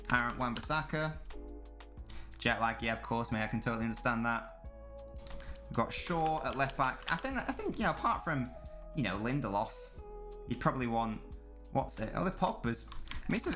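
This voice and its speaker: A young man with a fairly bright, high-leaning voice live streams a football watch-along. He chats casually and swears while reading and responding to messages from his chat.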